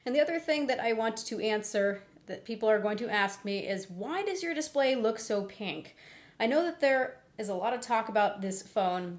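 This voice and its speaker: Chatty woman reviewing a phone, voice still worn from laryngitis. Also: mid-range voice. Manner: chatty, candid, conversational. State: recovering from laryngitis. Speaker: tech reviewer. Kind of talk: casual product review.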